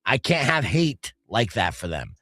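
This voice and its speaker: A man's voice: mid-range voice, sing-song, measured pace, bright, forceful tone, no echo. A man hosting a radio talk show, chatting casually and loosely with many fillers. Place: radio studio. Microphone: studio mic.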